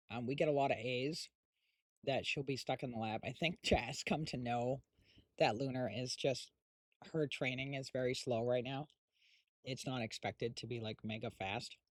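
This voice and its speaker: A man's voice: mid-range voice, no room sound. A middle-aged man hosting a live stream, chatting casually and rambling with lots of fillers while snacking. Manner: eating while talking. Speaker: streamer host.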